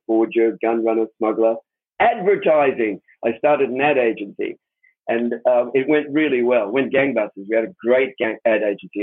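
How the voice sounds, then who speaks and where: A man with a husky, somewhat breathy voice tells a personal story in an interview. He is earnest and animated and repeats words for emphasis. The sound is thin and tinny, like a phone line. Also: medium pitch. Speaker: interview guest, author. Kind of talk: spoken anecdote, storytelling.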